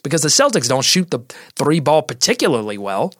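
A man hosting a basketball podcast, talking through game strategy and signing off with plugs for the show, energetic with quick asides. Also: on the high side, no room sound, clean studio sound. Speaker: podcast host. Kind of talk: sports podcast analysis.

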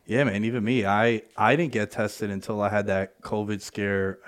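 A man hosting a casual podcast, telling stories in an animated, profane way. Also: on the low side, normal speed. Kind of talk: casual storytelling chat.

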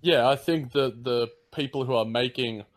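A man's voice: mid-range voice, normal speed. A man with an Australian accent chatting casually about basketball on a podcast, loose and teasing. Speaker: podcast co-host. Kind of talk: casual sports chat.

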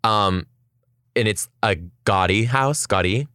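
A woman's voice: extremely low pitch, slow pace, no echo, clean studio sound. A young woman podcast host telling a story in casual chat, acting out what people said and swearing freely. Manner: animated storytelling, acts out quotes, swears.

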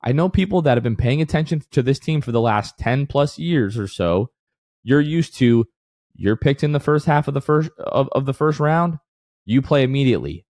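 A man co-hosting a sports podcast, mid-pitched, who talks in animated bursts and works himself into a rant. The sound is close and dry, with no room around it. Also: moderate pace, no room sound. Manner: animated, ranting then apologizing. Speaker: podcast co-host. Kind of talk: casual sports talk.

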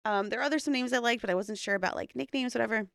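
Gravelly-voiced chatty young woman. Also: fairly high pitch, rapid-fire, fairly bright tone, no echo. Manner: chatty storytelling with frequent "like" and "um". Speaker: podcast co-host and new mother. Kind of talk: casual chat.

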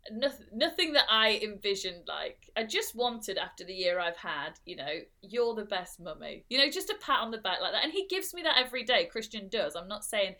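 A woman's voice: mid-range voice, big pitch swings, fairly quick, hardly any pauses, sharp tone. A woman in her thirties co-hosting a podcast, telling a personal story in casual chat with lots of fillers and restarts. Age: 30s. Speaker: podcast co-host.

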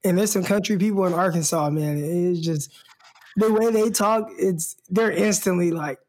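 A man's voice: high voice, normal speed, darkish tone. A man from California co-hosting a sports podcast, chatting in an easygoing way and repeating words. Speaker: podcast co-host, former football player. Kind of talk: casual sports podcast chat.

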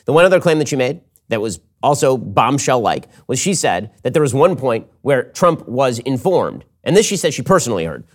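A man hosting a political commentary show, talking fast and emphatically in an opinion monologue. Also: mid-range voice. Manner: animated, quick, emphatic.

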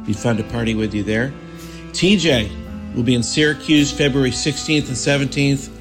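A man hosting a comedy podcast, announcing dates and building a bit in a deadpan, mock-grand way with plenty of "uh"s. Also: mid-range voice, moderate pace, faint music behind. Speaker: podcast host. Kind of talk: casual comedy podcast talk.

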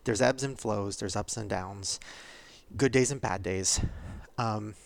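A man's voice: lowish voice, measured pace, creaky, dry recording. A man in his thirties hosting a podcast, speaking candidly and vulnerably, tearful and laughing through it. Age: 30s. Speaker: podcast host. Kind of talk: confessional podcast monologue.

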